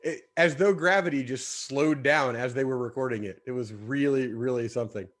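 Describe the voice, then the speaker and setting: A man hosting a live online show, upbeat and jokey, bantering quickly with his co-host. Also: medium pitch.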